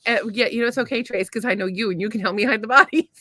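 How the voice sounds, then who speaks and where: A woman's voice: on the high side, racing, pushed and bright, no room sound. A woman co-hosting a casual podcast with her husband, rambling through blunt, profane stories and opinions. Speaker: podcast co-host. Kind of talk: casual crude banter.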